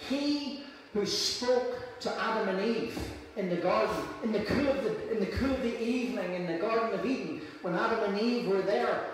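A man preaching a sermon with emphatic repetition, recorded from a distance in a church hall. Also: high voice. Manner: emphatic, repeats phrases for effect. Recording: echoey hall, mic at a distance.

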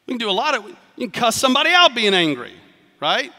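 A man preaching a sermon as pastor, in a conversational, animated way with asides. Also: sits high, a little fast. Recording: reverberant hall.

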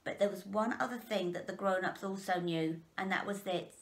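A woman reading a children's book aloud in a gentle, expressive storytelling voice. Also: medium pitch, normal speed.

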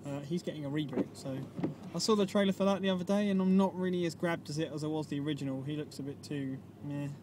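A man's voice: on the high side, fast talker, background noise. Rambling man chatting in a car. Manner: rambling, profane, loses his train of thought. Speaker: vlogger. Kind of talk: casual film chat.

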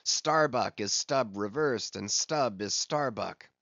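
A man voicing an obsessed old sea captain who declaims and barks orders, read slowly in an audiobook. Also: lowish voice, pushed and bright, no room sound, lo-fi sound, full character voice. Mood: defiant.

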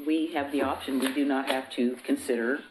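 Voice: medium pitch, fairly even intonation, a little fast, noisy background. A city commissioner asking probing questions at a public meeting. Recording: echoey council chamber.

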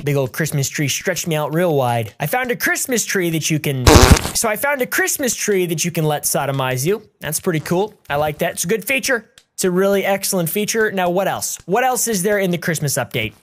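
A man giving crude, goofy commentary while playing a video game, breaking into yells and made-up song lines. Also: sits high. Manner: goofy, crude, yelling in bursts. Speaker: gaming YouTuber. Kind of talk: let's play commentary.

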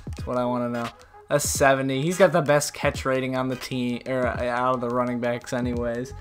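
A man giving casual, foul-mouthed commentary over a football video game, trash-talking the team he follows and shouting when plays go wrong. His voice sits in an ordinary middle pitch. Faint music plays underneath. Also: a little fast. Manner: profane, mocking, gets loud and excited. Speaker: gaming YouTuber.

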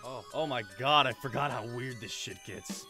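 A man's voice: mid-range voice, moderate pace, music in the background. A young man hosting a reaction video, exclaiming and swearing as he reacts in casual commentary. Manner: excitable, swears constantly, exclaims loudly.

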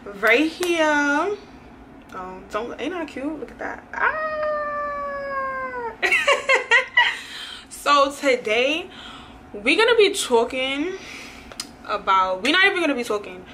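Young new york girl vlogging to her cam, bright high voice, slow laid-back talk, faint room hum. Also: big pitch swings. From New York City. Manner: playful, laughs often, heavy slang. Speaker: YouTuber. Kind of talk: casual vlog explaining slang. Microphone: camera, self-filmed.

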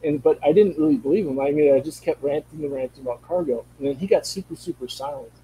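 A man's voice: a little high, fast talker, dark tone, slight background noise, rough recording. A man telling a personal story in a casual, rambling way, often repeating himself and restarting his sentences.

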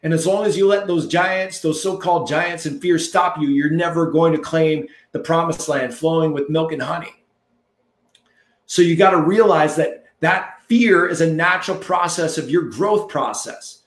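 A man's voice: on the high side, moderate pace, echoey room. A man coaching listeners in a punchy, preachy motivational monologue, repeating phrases for emphasis. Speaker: marketing coach.

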